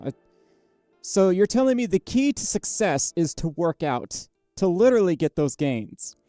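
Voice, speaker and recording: Tired streamer chatting low and soft, mic jammed close inside a costume head, mellow, lots of ums. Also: very animated, no echo, faint music behind. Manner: quiet, low-energy, halting with many fillers. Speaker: livestreamer. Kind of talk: casual livestream chat with viewers. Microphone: microphone very close to the mouth inside a costume head.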